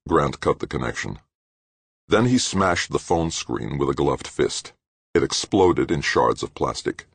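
A man narrating a science-fiction thriller audiobook in a lively, dramatic reading. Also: rumbling low, unhurried, creaky, slightly rough, dry recording. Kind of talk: scripted narration.

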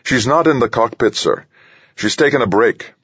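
A man's voice: mid-range voice, normal speed, fairly bright tone, husky, no echo, lo-fi sound, voice pushed up. A man doing a nervous young captain. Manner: troubled, deferential.

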